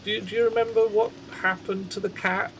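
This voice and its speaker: A man's voice: high-pitched, level tone, fairly quick, fairly bright tone. A man streaming a game live, rambling through wry, chatty asides to his viewers. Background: game music.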